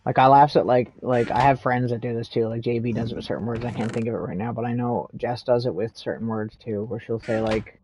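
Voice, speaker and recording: A man's voice: medium pitch, fairly even intonation, a little fast, a little mellow, a little hiss or hum, low-quality recording. A man with a Canadian accent, chatting in a rambling, casual way while streaming a game and laughing often. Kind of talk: casual chat while gaming.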